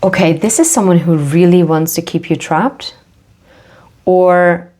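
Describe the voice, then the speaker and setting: Slow, low-voiced chatty tarot reader woman. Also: a little mellow, slight background noise. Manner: chatty, self-interrupting, laughs at her own slips. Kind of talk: casual tarot reading to camera.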